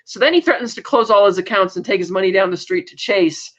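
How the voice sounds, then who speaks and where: A woman's voice: medium pitch, quick pace, highs cut off. A woman co-hosting a podcast, recapping TV episodes in a loose, rambling way with plenty of fillers. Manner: rambling recap with many fillers and quoted bits. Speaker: podcast co-host. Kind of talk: casual TV recap chat.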